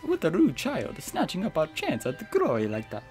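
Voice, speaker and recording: A man doing a pompous villain brother in a put-on British accent, pitched well above his own voice and dripping with snooty disdain. The delivery is drawn-out and theatrical, with faint music playing underneath. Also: huge pitch swings, a little mellow. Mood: haughty. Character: haughty, pompous adult male villain brother.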